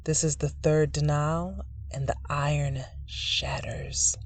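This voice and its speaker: A narrator reading a dark literary short story in a measured, dramatic way. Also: medium pitch, fairly even intonation, a little hiss or hum.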